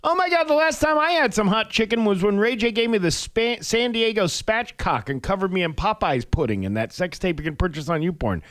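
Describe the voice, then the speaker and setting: A man's voice: high-pitched, animated, a little fast, few pauses, fairly bright tone, no room sound, studio quality, pitched above the performer's own voice. A man doing a squealing, gushing female celebrity. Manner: squealing, gossipy.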